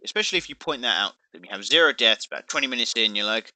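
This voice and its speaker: Sharp-voiced man chatting casually. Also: mid-range voice, lively intonation, very fast, no room sound, poor audio. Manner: chatty, with restarts and playful mock voices. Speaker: gaming video creator. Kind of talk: casual explanatory talk.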